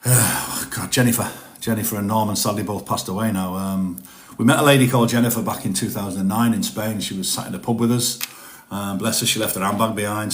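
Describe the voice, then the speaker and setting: A middle-aged man talks openly and rambles a little as he hosts a live stream, stopping to read out viewer messages. His voice sits on the lower side. The sound carries a noticeable room echo. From northeast England. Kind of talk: casual live-stream chat.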